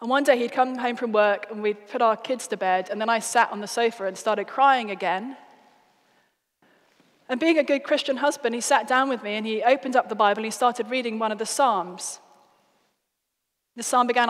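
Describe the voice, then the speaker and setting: A British woman giving an evangelistic talk, telling stories in an earnest, expressive way. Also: a little high, moderate pace. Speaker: guest speaker. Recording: reverberant hall.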